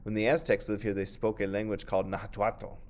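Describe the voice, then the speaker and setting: A man's voice: fairly low pitch, level tone, brisk, darkish tone, close to an everyday voice. A man voicing a wise grandmother who tells her grandson a story, in a play read aloud. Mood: gentle. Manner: patient storytelling.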